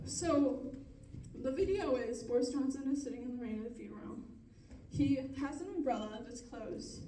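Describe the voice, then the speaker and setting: A high-pitched young woman performs stand-up, telling long self-deprecating stories in a mellow, soft-edged tone. She laughs at her own lines as she goes. Her voice sounds distant and echoey, as if picked up from across the room. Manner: rambling, self-deprecating storytelling with frequent laughs. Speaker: stand-up comedian. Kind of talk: stand-up comedy set.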